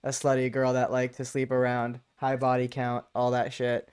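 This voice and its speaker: A man's voice: medium pitch, completely flat delivery, moderate pace, a little mellow, clean tone. A man co-hosting a podcast, chatting in a laid-back, jokey way. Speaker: podcast co-host. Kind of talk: casual chat.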